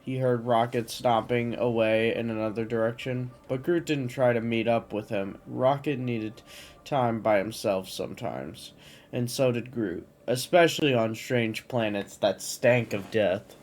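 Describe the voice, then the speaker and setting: Slow, stumbling male storyteller. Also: mid-range voice, darkish tone, a little hiss or hum. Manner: stumbles and restarts, occasional coughs. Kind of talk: casual reading of fan lore.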